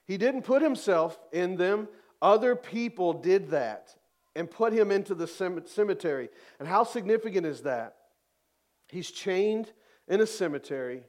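High-voiced man preaching emphatically. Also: expressive, measured pace, darkish tone. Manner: emphatic preaching, reads scripture aloud with dramatic rises. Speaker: pastor. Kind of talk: sermon.

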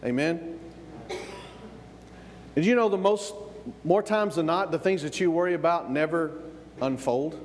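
A man's voice: fairly high pitch, a little slow, pauses often, darkish tone, in a large hall. A man from the American South, preaching a sermon as pastor, stumbling over repeated words and asking for amens. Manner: repeats words when building up, calls for amens. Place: church.

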